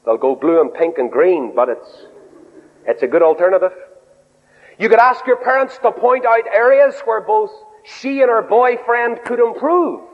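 A man preaching a sermon in an animated way. He swings his pitch up and down, acts out quoted voices and drops in humorous asides. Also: normal speed. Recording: dull lo-fi recording in a reverberant hall.

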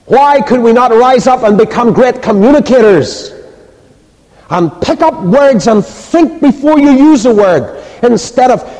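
A man preaching a sermon with emphatic, rhetorical delivery, then dropping soft and low as he leads a prayer. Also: expressive, unhurried. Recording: reverberant hall.

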